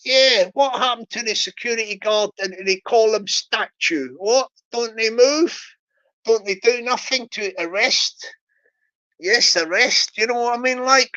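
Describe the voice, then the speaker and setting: Bright-voiced woman hosting a rambling live stream. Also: a little high, dull audio. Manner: repetitive, chatty, addresses the chat directly.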